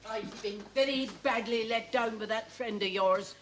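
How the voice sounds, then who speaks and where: A woman's voice: fairly high pitch, normal speed, noisy background, natural voice. An actress playing a stern older village woman who organises the local flower festival, blunt and indignant.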